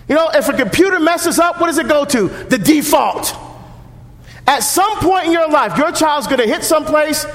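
High-voiced, animated deacon preaching in a church. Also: male voice. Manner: animated, punchy, shouting for emphasis. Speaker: deacon giving a parish mission. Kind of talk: sermon. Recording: echoey church hall, long reverb.

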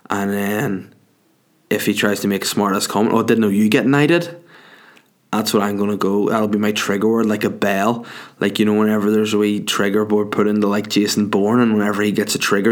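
A man's voice: fairly low pitch, monotone, brisk. A man delivering a profane, rambling comic rant, worked up and exaggerating. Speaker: comedian.

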